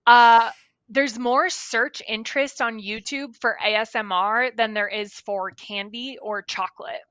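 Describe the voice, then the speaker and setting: A woman co-hosting a casual chat show, animated and thinking aloud as she reads out facts. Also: fairly high pitch, measured pace, no room sound. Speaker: podcast co-host.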